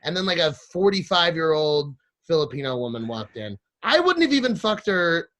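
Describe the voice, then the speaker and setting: A man's voice: a little high, very animated, normal speed, a bit bright. A man, a podcast guest, telling a crude comic story with lots of swearing and acting out other people's lines.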